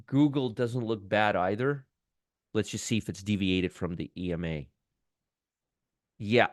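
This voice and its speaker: A man's voice: fairly low pitch, dry recording, clean studio sound. A man hosting a stock trading show, talking casually and enthusiastically about charts, often repeating words and restarting phrases. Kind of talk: casual market commentary.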